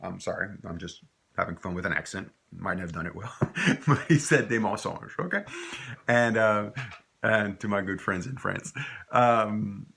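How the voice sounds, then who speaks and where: Guy giving a french lesson, wanders off into stories, low husky voice. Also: a little slow, bright, forceful tone. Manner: rambling anecdotal storyteller, mixing French and English. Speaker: French teacher. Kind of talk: recorded language lesson.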